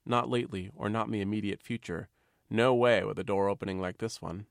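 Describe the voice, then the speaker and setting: A man, the author, reading a chapter of his novel aloud in a measured, wry, understated way. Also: on the low side, fairly even intonation, gravelly, no echo, clean studio sound. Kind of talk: literary reading.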